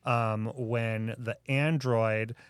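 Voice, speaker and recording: Eager, rushing man co-host. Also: medium pitch, steady tone, smooth, dry recording, studio quality. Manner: eager, rushing bursts of speech. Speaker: podcast co-host. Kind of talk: casual chat.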